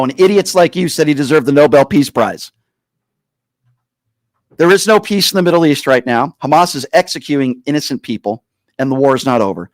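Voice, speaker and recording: Guy hosting a call-in show, talks down to callers, fairly high pitched, dry sound. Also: dry recording, low-quality recording. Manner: condescending, insulting, deliberately slow and repetitive. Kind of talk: political call-in talk show.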